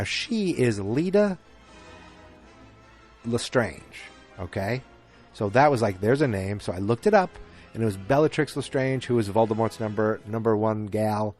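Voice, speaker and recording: A podcast host with a slightly mellow, low-side voice recaps a film casually. He rambles, using lots of fillers and restarts.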